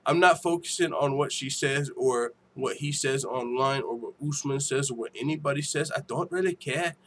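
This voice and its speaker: A man's voice: medium pitch, moderate pace, a bit bright, a little hiss or hum, lightly acted. A man putting on an exaggerated, mocking impression of a cocky young British fighter with an attempted English regional accent.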